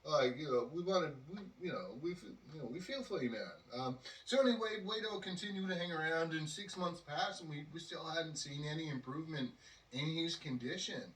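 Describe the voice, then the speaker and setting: A man's voice: on the high side, fairly quick, a bit bright. A man telling a story on a podcast, rambling with lots of fillers. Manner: rambling, with many fillers and acted quotes. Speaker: podcast host. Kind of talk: casual storytelling. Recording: roomy, distant from the mic.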